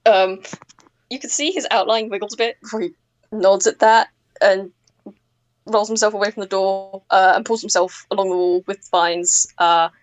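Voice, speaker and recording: A woman narrating as game master of a tabletop game, relaxed and full of fillers. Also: medium pitch, normal speed.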